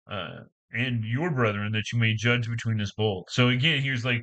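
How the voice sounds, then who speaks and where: Man, bright voice, halting scripture reading, casual asides, restarts often. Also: medium pitch, fairly even intonation, lo-fi sound. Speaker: Bible reader and commentator.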